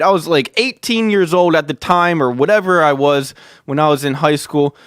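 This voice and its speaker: A man hosting a podcast, telling a story in a casual, excitable way, swearing and calling the listener "dude" again and again. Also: a little high, normal speed, clean tone, no echo, studio quality. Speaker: podcast host.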